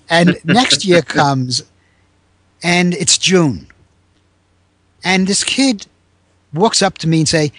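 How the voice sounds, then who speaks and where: A man in his seventies telling a story in a conversation, animated and acting out the people he quotes. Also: drawn-out words, pauses often, dry recording. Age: 70s. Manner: animated, raises pitch to act out quoted people. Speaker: guest, former teacher.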